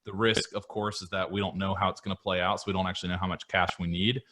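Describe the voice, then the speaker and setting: A low-pitched man speaks as an accountant on a finance panel. He talks in a measured way and often restarts his phrases as he works toward a point. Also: level tone, sharp tone, slight background noise. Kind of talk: panel discussion on a video call.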